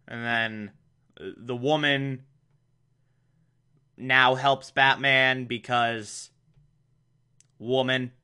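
A man's voice: medium pitch, sharp tone, clear, resonant tone. A man giving a comedic recap of a cartoon episode, sarcastic and prone to exasperated rants. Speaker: show recap host.

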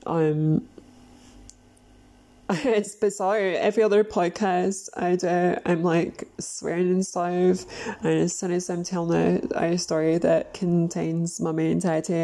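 A woman tells a story in a loose, rambling way, full of fillers and quick laughs. Her voice sits a little low and has a gravelly, creaky edge. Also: level tone, mellow. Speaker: podcast host. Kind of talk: casual spoken storytelling.

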